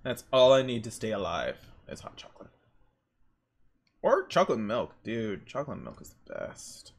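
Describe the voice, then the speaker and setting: Excitable young man chatting on stream. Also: lowish voice, moderate pace, creaky. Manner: rambling, excitable storytelling with exclamations. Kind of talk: casual chat while drawing on stream.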